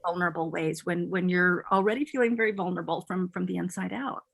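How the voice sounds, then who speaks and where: A middle-aged woman answering as a panelist on a video call, thoughtful and halting with many restarts and fillers. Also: on the low side, fairly even intonation, creaky, a bit bright.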